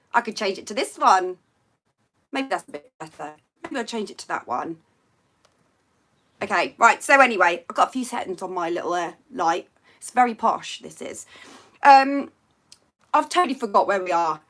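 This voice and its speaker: A woman's voice: a little high, pushed and bright. A woman hosting a casual live stream from home by a window, chatting to viewers in a rambling way and reading out their comments.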